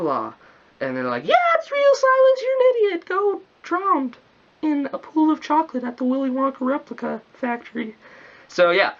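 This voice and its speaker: A man's voice: a little high, bright, forceful tone. A young man rambling in a casual vlog, goofy and self-mocking, full of slang. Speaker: vlogger. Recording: dull lo-fi recording.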